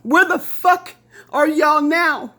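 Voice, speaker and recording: A woman's voice: high-pitched, takes it slowly, bright, forceful tone. A middle-aged woman from Indiana delivering a heated, profane rant straight to the camera, repeating lines and mocking others in quoted voices. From Lafayette, Indiana. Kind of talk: angry direct-to-camera rant.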